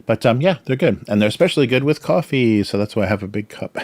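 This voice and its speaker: A man's voice: mid-range voice, lively intonation, moderate pace, darkish tone, dry recording. A man hosting a casual drawing livestream, rambling with many fillers and talking with his mouth full as he snacks. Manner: filler-heavy, chuckles often. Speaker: livestream host, cartoonist.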